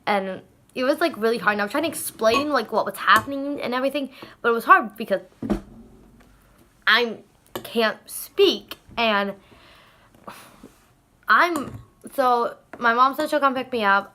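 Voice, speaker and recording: A woman's voice: fairly high pitch, slight background noise. A teenage girl telling a story to her vlog in casual chat, rambling and acting out what everyone said. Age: teens. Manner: rambling, animated retelling with many "I'm like" quotes. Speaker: vlogger.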